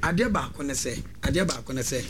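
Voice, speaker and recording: A man's voice: medium pitch, animated, quick pace, noisy background. A man, a panelist speaking earnestly and emphatically, repeating phrases. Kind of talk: talk show discussion.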